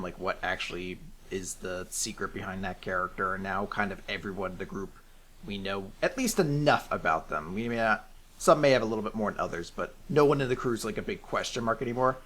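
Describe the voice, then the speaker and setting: A man's voice: on the low side, pushed and bright. A man co-hosting a podcast, chatting casually about manga, swearing freely and mocking characters with exaggerated quoted lines. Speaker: podcast co-host. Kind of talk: casual chat recapping manga.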